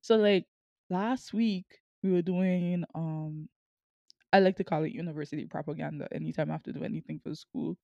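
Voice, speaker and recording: A woman's voice: sits low, fairly even intonation, normal speed, creaky, a little mellow, no echo, highs cut off. A young woman student with a strong Saint Martin Caribbean accent, laughing as she tells stories in a casual chat. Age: young adult. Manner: laughs often, tells stories with quoted voices. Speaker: guest, student.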